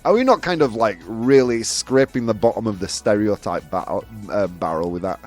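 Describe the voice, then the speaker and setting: Male host of a live chat show: animated, teasing, laughs a lot, his pitch swinging high and low over faint music. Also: moderate pace. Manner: animated, laughs often, provocative asides.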